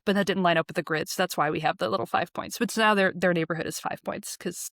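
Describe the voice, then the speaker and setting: A young adult woman from Alabama hosting a podcast, talking chattily with lots of fillers and lively asides. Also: lowish voice, fast, vocal fry, few pauses, dry recording, studio quality. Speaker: podcast host. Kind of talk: casual conversation.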